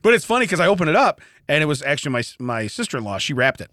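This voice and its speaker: A man's voice: a little high, very animated, very fast, bright, forceful tone, no echo, studio quality. A man co-hosting a podcast, telling a story in casual chat, acting out quotes and laughing often. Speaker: podcast co-host. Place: podcast studio.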